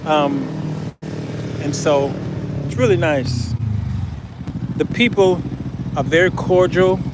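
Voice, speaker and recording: A man's voice: on the high side, noisy background. A man talking casually to his viewers in a travel vlog, chatty and chuckling often. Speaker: vlogger.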